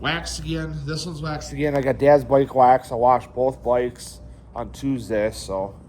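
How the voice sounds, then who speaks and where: A young man rambles through a casual vlog. He leans on fillers and drops swear words freely. His pitch sits in the middle, and faint background noise runs beneath him. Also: fairly even intonation, measured pace, a little mellow. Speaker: vlogger.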